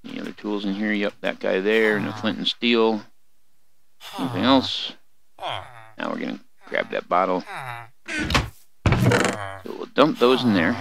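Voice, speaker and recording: A man's voice: fairly low pitch, unhurried, vocal fry, pauses often, a crowd in the background. An older man hosting a let's play, giving rambling, folksy gameplay commentary and chatting to his in-game animals. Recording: noisy home recording with mouse clicks.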